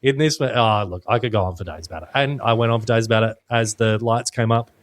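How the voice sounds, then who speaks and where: A man's voice: mid-range voice, fast talker, no echo. An Australian man co-hosting a podcast, chatting casually in a rambling, jokey way and swearing now and then. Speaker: podcast co-host. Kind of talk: casual chat.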